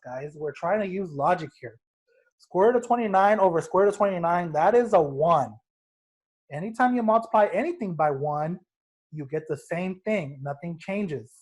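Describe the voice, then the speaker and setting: A young man with a fairly high voice walks through a math lesson. He keeps it casual and joking, talking straight to his students as guys. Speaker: math teacher.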